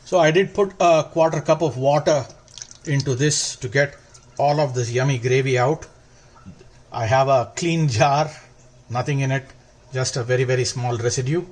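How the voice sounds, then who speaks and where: A man hosting a cooking video, explaining each step slowly and warmly praising the food. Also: medium pitch. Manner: slow, instructive, gently enthusiastic. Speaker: cooking show host. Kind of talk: cooking demonstration.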